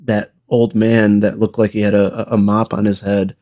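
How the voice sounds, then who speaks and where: A man with a low voice debating over a call. He stays dry and persistent and repeats his question over and over. He pushes back calmly while the other man gets louder. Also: moderate pace. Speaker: debater criticizing the trailer. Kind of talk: online debate.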